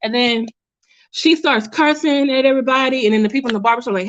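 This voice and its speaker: A woman talks through a story in casual commentary, blunt and chatty, often restarting her sentences mid-thought. Her voice sits high. The recording is dull and lo-fi. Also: brisk, fairly bright tone. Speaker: commentary YouTuber.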